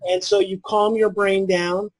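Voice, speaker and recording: A man in his forties, a parenting expert guest, explaining in a calm, earnest way and repeating his key phrases. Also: sits high, a little slow, low-quality recording. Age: 40s. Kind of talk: conversational explaining.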